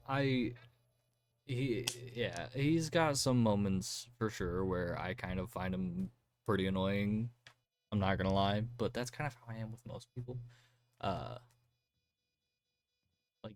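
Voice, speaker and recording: A man streaming a shooter game, chatting casually with friends in a rambling, profane way and laughing often. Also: lowish voice. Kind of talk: casual chat while gaming.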